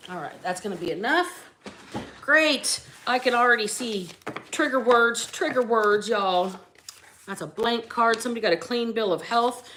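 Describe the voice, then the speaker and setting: A woman's voice: a little high, animated, moderate pace, a bit bright, slight background noise. A woman hosting a casual tarot reading, brash and chatty, swearing freely and greeting her viewers. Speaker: tarot reader and channel host.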